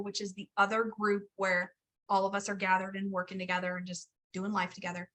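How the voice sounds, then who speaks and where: A woman's voice: medium pitch, pushed and bright. A woman hosting a casual video call info session, upbeat and chatty, teasing and laughing often. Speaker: host of a health coach program info session.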